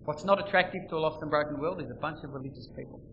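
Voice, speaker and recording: A man preaching a sermon, swinging between loud emphasis and quiet, intimate lines. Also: on the high side, racing, lo-fi sound, slight background noise. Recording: long reverb, faint ambience.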